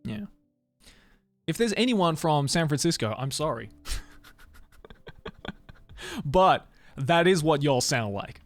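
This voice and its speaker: A male streamer with a fairly high, lively voice chats casually with his live audience, laughing often and peppering his talk with swearing and filler words. He sits close to a streaming mic in a dry room, with faint music playing behind him. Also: slow pace, long pauses, dry recording. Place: home streaming room, Tokyo.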